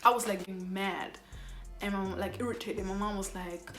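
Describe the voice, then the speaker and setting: A woman's voice: medium pitch, fairly even intonation, normal speed, fairly bright tone, echoey room, faint music behind. A young woman vlogger telling a casual storytime, rambling and using a lot of fillers. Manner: rambling retelling, filler-heavy with constant "like".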